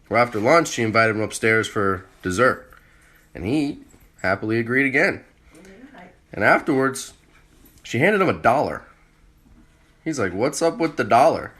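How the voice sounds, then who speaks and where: A man's voice: mid-range voice, a bit bright. A man casually telling a dirty joke, breaking into laughs. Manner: laughs while telling jokes. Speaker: joke teller.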